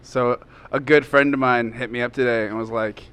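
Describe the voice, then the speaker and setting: A man's voice: medium pitch, fairly even intonation, moderate pace, fairly bright tone, clean tone. A man co-hosting a casual podcast, laid-back and dry in his humor. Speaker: podcast co-host.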